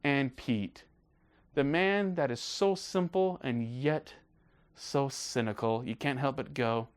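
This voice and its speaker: A man's voice: medium pitch, slow, clear, resonant tone. Gushing male film reviewer. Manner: gushing, enthusiastic, excited. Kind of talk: casual video review.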